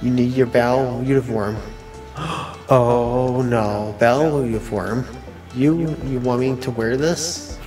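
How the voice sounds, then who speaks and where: A let's player reads the game's on-screen dialogue aloud, taking his time. He stumbles through each line, repeating words and starting over, his voice pitched in a normal middle range. Soft background music plays, the tone is a little mellow, and the recording quality is low.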